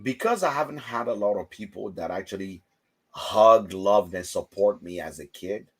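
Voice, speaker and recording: A man hosting a casual livestream chat, telling stories with lively, loud acted-out quotes. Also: lowish voice, moderate pace, slightly rough. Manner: animated storytelling, acts out quotes loudly. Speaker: host.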